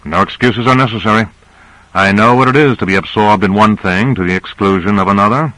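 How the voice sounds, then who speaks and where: A man's voice: lowish voice, a little fast, bright, forceful tone, no room sound, rough recording. A man reading a novel aloud, voicing a curious male agent who asks plain questions.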